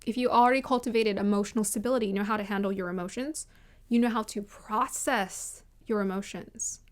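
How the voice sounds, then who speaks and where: A woman's voice: mid-range voice, a little fast. A woman vlogger giving casual, opinionated commentary on a reality show, emphatic and repeating her points, often laughing.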